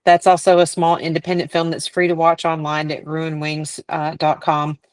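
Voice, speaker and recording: A woman with a deep, low-pitched voice talks as a podcast guest. She chats freely and from the heart, with easy laughter between her stories. The sound is close and dry. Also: completely flat delivery, moderate pace, clear, resonant tone, no room sound. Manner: chatty, heartfelt storytelling with frequent laughter. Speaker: author guest. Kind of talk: casual podcast interview.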